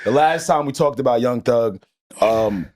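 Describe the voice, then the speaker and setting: A man's voice: mid-range voice, a little slow, darkish tone. A man co-hosting a podcast in casual chat, cursing freely and reading captions aloud between bursts of laughter. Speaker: podcast co-host.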